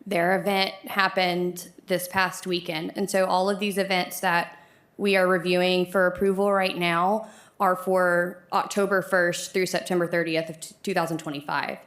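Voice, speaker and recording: A woman on city staff giving a brisk, matter-of-fact explanation of procedure to a council. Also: fairly low pitch, little pitch movement, fairly bright tone. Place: council chambers.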